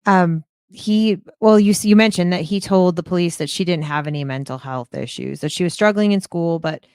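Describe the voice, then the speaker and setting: A woman podcaster talking through a case in a thoughtful, hesitant way, often pausing on "um". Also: lowish voice, a little mellow, clean tone, no echo, studio quality. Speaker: true crime podcaster. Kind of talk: casual podcast discussion.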